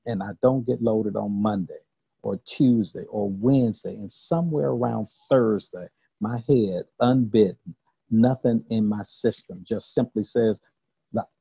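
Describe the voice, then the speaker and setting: Deep gravelly man telling his recovery story. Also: warm tone, dry recording, dull audio. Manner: earnest, halting storytelling with repeated words. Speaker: recovery speaker. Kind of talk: personal recovery testimony.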